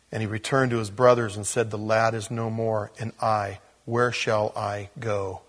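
He speaks on the low side with a level tone, at a moderate pace with few pauses. This pastor teaches scripture casually, mixing in chatty remarks where he acts out quotes and chuckles at himself.

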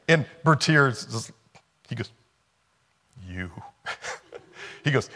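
A man's voice: mid-range voice, lively intonation, slow pace, pauses often, sharp tone. A man preaching a conversational sermon, retelling a film scene and repeating rhetorical questions.

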